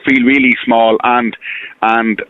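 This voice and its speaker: A man's voice: medium pitch, little pitch movement, takes it slowly, no room sound. Irish man on a tinny phone line. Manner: rambling, repeats himself, hurt and earnest. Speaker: caller. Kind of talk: phone-in radio call.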